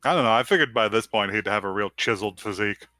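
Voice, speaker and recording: A man's voice: on the low side, fast talker, pushed and bright, dry recording. A man co-hosting a podcast, making wry jokes and laughing a lot in casual chat. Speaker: podcast co-host.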